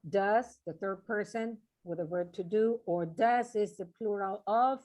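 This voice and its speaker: A woman's voice: mid-range voice, a little slow, darkish tone. Woman, English presenter, encouraging, keeps checking in with the group. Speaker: workshop presenter. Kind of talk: online English teaching session.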